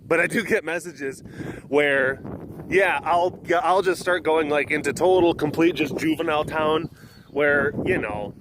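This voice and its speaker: In a slightly high, steady voice at a measured pace, a vlogger at a big cat sanctuary chats casually on an outdoor webcast by the animal enclosures. He's loose and jokey, rambling with plenty of fillers, while background noise and wind come through his handheld or camera mic.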